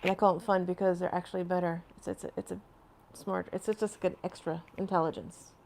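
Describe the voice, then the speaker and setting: A woman's voice: on the low side, level tone, quick pace, creaky, darkish tone, slight background noise. A woman hosting a casual live stream from home, rambling and chatting as she answers viewer comments, laughing often between phrases.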